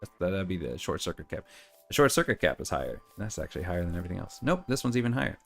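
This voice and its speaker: A man's voice: low-pitched, sing-song, very fast, faint music behind. A middle-aged man hosting a gaming channel, chatting casually and rambling through stories with quoted voices while he plays. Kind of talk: casual chat while playing.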